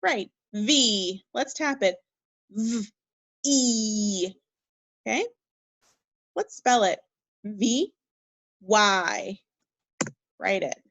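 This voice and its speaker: A woman teaching a second grade phonics lesson, speaking slowly and encouragingly and spelling words out letter by letter. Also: mid-range voice, fairly bright tone, no echo, rough recording. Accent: Minnesota. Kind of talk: recorded remote phonics lesson.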